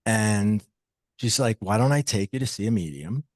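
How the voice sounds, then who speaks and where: A man guest on a podcast, telling a personal story in an animated way and acting out the dialogue he quotes. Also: lowish voice, moderate pace, no echo.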